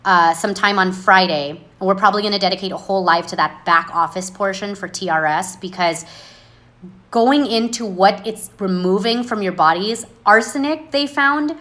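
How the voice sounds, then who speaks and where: A woman speaking on a phone livestream, blunt and sarcastic, standing by what she says. Her voice is bright and forceful, and her pitch sits in a middle range. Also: normal speed. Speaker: livestream host. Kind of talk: casual livestream monologue.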